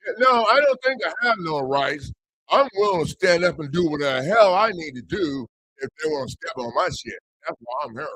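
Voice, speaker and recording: A man's voice: on the high side, expressive, normal speed, fairly bright tone, dry recording, rough recording. A man in a casual livestream chat, talking in a blunt, profane and defiant way. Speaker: host.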